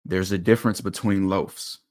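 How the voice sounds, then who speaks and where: Man, very deep voice, casual and animated film breakdown. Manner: animated, quick, explanatory. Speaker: football film analyst.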